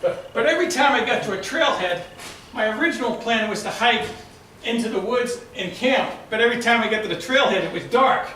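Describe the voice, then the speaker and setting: A man with a Boston accent tells a story at a club meeting, lively and acting out the lines of people in it. His voice sits high and sounds bright and forceful. He is picked up from across an echoey room. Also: fairly quick, far from the mic, slight background noise. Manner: lively storyteller, acts out shouted quotes. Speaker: club speaker. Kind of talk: prepared storytelling speech.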